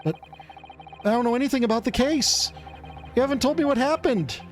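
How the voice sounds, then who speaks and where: A man's voice: extremely high pitch, brisk, soft background music, voice pushed up. A man voicing an earnest young male law student who talks hesitantly and politely, reading game dialogue.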